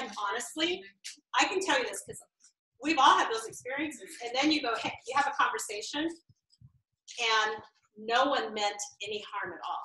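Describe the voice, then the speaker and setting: A woman's voice: high voice, lively intonation, moderate pace, bright, forceful tone. A woman leading a training workshop, upbeat and often laughing, acting out the tones of imagined text messages. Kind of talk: interactive training talk. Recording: roomy echo, distant mic.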